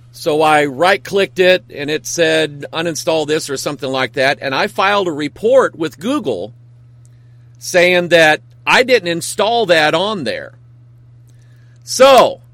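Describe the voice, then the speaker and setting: A man with a higher voice talks slowly and earnestly as a pastor hosting his talk show. His speech rambles through stories with emphatic turns, and the sound is dry and close. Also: fairly bright tone, no room sound. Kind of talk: casual talk show monologue.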